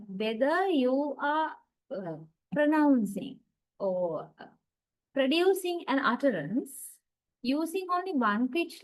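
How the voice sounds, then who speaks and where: A woman lecturer giving a university lesson, explaining slowly with frequent "right?" checks and pauses. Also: high voice, darkish tone, low-quality recording.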